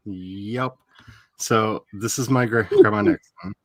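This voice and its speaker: A man with a lowish voice takes his time, captured in a dry recording. He's an author running a casual writing livestream, telling stories animatedly with plenty of laughs, then turning tender and emotional as he reminisces.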